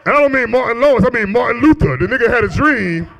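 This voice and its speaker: A man in his thirties with a very high, expressive, slightly bright voice talks fast with vocal fry. He's a stand-up comedian doing a loose, profane set in a small club on a handheld stage mic, teasing the crowd and laughing at his own jokes.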